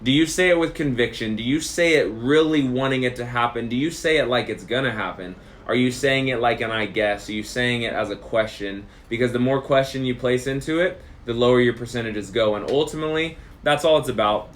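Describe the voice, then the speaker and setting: A man's voice: mid-range voice, fairly quick, hardly any pauses, slight background noise. A man hosting a podcast, talking straight to the listener in an emphatic motivational monologue that repeats phrases for effect. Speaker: podcast host.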